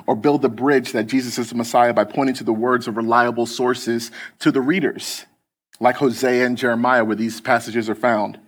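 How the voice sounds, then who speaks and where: A man preaching a casual storytelling sermon, loose and chatty, with many fillers and restarts. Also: mid-range voice.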